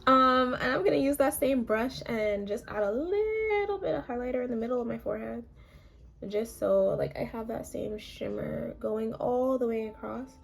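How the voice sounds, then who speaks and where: A young woman with a hoarse voice, chatting casually and a little self-deprecatingly while walking through her makeup routine. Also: a little high, normal speed. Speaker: makeup vlogger. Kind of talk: casual makeup tutorial chat.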